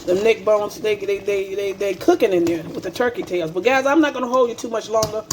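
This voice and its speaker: A woman's voice: mid-range voice, brisk, a little hiss or hum. A woman hosting a casual home cooking vlog, chatty and repetitive, calling her viewers baby and family. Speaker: cooking channel host. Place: home kitchen.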